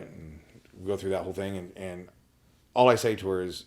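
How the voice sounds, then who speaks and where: A man as a podcast guest, candidly telling a personal story in a blunt, profane way, halting and restarting often. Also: low voice.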